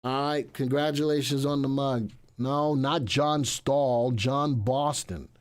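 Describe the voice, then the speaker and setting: A man's voice: mid-range voice, steady tone, slow. A man hosting a live stock market stream, chatting casually, joking and rambling with asides to his crew.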